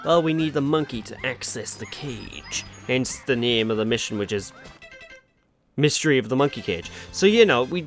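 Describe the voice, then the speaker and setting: A man's voice: medium pitch, lively intonation, normal speed, soft background music. A man with a Welsh accent hosting a let's play, chatty and exasperated, with a bit of swearing. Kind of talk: casual gameplay commentary.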